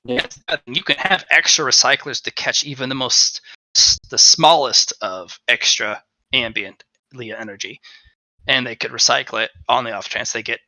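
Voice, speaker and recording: A man running a tabletop game as game master, narrating in an animated, jokey way. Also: medium pitch, normal speed, no echo, poor audio.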